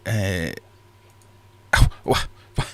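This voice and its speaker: A man's voice: low-pitched, animated, extremely slow, a bit bright. A man hosting a casual livestream from his fish room, rambling and self-deprecating as he reads chat aloud. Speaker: livestream host.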